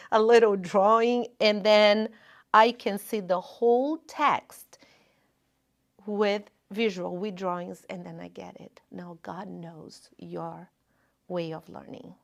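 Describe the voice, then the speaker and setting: Woman, 50s, spiritist lecturer, unhurried delivery, personal storytelling, light humor. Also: mid-range voice, creaky. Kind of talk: informal spiritual talk. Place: lecture room at a spiritist center.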